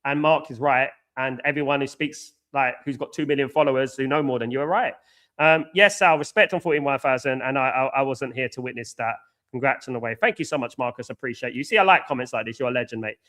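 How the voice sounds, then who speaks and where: A man's voice: medium pitch, quick pace, bright, forceful tone. Blunt, opinionated English man chatting live. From England. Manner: blunt, opinionated, repeats himself. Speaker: host of a football watchalong. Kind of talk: casual live chat reading comments.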